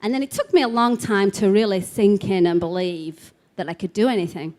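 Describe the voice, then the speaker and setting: A woman giving a chatty, animated storytelling talk to a live audience at an expo, acting out the quotes. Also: medium pitch, fairly quick. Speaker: speaker at a spiritual expo.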